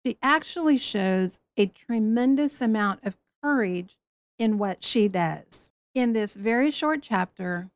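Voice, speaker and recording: Woman giving a bible talk, kinda high voice, animated, does little voices for quotes. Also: measured pace, no room sound. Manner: lively, acts out quoted voices. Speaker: Bible teacher.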